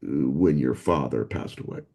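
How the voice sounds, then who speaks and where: A cold, menacing unseen spirit speaks low and slow, as a man telling the story puts it on. The voice is dark and deep, with each word laid down deliberately. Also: husky, heavily acted.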